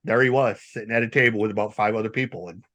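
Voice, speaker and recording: A man hosting a podcast, telling stories in a rambling, animated, casual way. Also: on the low side, rapid-fire. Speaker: podcast host. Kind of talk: casual storytelling chat.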